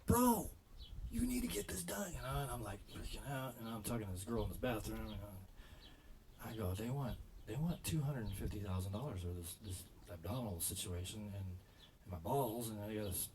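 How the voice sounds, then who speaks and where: A man's voice: on the low side, moderate pace, darkish tone, a little hiss or hum. A man doing stand-up, telling a rambling story full of restarts. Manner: rambling, self-correcting delivery. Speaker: stand-up comedian.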